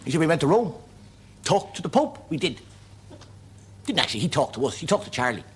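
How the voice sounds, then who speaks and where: A man, a comedian hosting, delivering a stand-up monologue and telling jokes briskly while voicing the characters. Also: a little high, husky. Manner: brisk, animated joke telling with voiced characters. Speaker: comedian host. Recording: old TV recording with audience noise.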